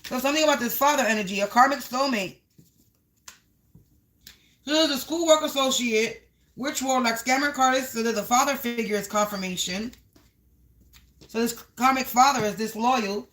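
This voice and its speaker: High bright-voiced woman reading tarot. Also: moderate pace, pauses often, slight background noise. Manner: repetitive, half-rhyming, talks to the viewers as the collective. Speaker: tarot card reader.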